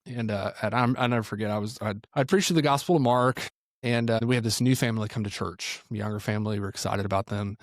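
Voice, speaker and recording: A man's voice: lowish voice, fast talker, no room sound, clean studio sound. A man who is a pastor and ministry teacher, telling stories in a podcast conversation and acting out what people said. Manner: animated storyteller acting out quotes.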